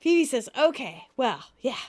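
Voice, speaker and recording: A woman co-hosting a podcast, recapping an episode in casual chat, laughing often and reading quotes in lively voices. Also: high voice, unhurried. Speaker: podcast co-host.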